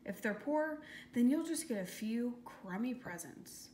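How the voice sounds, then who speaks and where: A woman's voice: a little high, expressive, unhurried, mellow, pitched above the performer's own voice. A woman voicing a bratty, spoiled schoolgirl who sneers like a know-it-all, read in a storybook. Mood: snide. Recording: echoey room with faint hiss.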